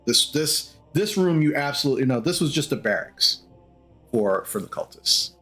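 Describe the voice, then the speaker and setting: A man narrating as the dungeon master of a tabletop game, with a halting delivery full of fillers. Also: a little high, lively intonation, pushed and bright, faint music behind.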